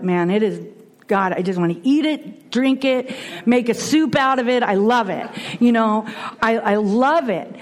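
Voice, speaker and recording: A middle-aged woman speaking earnestly and animatedly as a speaker at a recovery meeting, with many restarts. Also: fairly high pitch. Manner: earnest, animated, frequent restarts and you-knows. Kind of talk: personal testimony talk.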